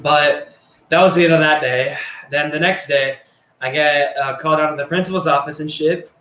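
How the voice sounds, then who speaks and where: Young man, slightly high voice, casual profane storytelling, lots of fillers. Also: fairly even intonation, normal speed, a bit bright. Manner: rambling, profane, filler-heavy. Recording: echoey room.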